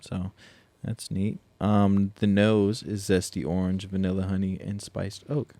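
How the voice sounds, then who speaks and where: A man's voice: sits low, monotone, unhurried, mellow, no echo. A young man co-hosting a casual podcast, laid-back and laughing often as he reads a whiskey label aloud. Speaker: podcast co-host. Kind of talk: casual chat, tasting whiskey.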